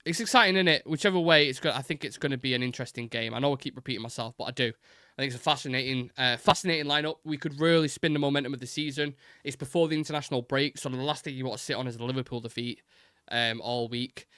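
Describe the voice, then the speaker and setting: A man's voice: mid-range voice, fast talker, sharp tone, smooth, no room sound, studio quality. A man hosting a live football chat stream, blunt and sweary, reading out and answering viewer comments. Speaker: host.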